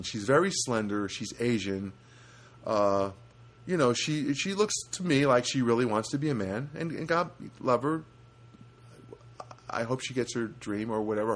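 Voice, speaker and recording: A man spinning a meandering funny story, his pitch swinging widely as he goes. He pauses for asides and restarts, and leaps up high to mimic other people and noises. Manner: animated, jumps to high pitch for quoted voices and honk sounds; rambling with frequent restarts and asides. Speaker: comedic storyteller. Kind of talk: rambling anecdotal monologue.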